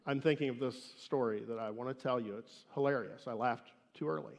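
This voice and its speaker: A man preaching a sermon and telling a story, emphatic and swinging between loud declarations and hushed asides. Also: medium pitch, a little fast, gravelly. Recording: echoey hall reverb.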